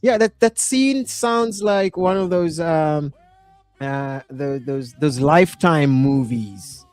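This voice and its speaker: A man's voice: on the high side, takes it slowly, darkish tone, no room sound, faint music behind. A man hosting a casual podcast, easygoing, reading viewer comments aloud with plenty of fillers. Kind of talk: casual chat.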